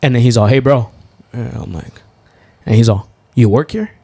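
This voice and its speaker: A young man co-hosting a podcast, telling a story in a loose, profane way and jumping up high when he gets excited. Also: normal speed, vocal fry, no room sound. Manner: animated, profane, swings to high laughing exclaims. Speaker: podcast co-host. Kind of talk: storytelling in casual chat.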